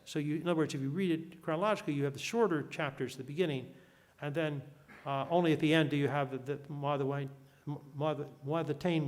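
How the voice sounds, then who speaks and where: An older man giving an academic lecture, reading passages aloud in a measured way with frequent restarts. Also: fairly high pitch. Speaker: guest lecturer.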